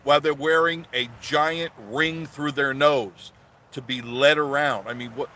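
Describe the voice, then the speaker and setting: A man hosting a casual live stream from a parked car, ranting loudly and sarcastically, then reading viewer comments. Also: mid-range voice, steady tone, unhurried, slight background noise. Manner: loud, ranting and sarcastic, mocking voices.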